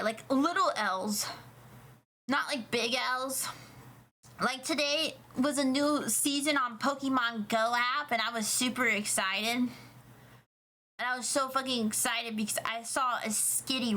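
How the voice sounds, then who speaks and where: A young woman streamer chatting casually with her viewers, rambling, swearing and getting excited. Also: high-pitched. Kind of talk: casual livestream chat.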